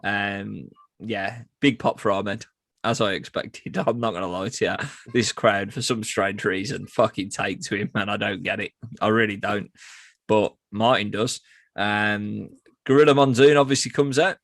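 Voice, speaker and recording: A man's voice: fairly low pitch, steady tone, measured pace, fairly bright tone, dry recording, clean studio sound. A man casually narrating a wrestling recap as podcast co-host, sweary and sarcastic.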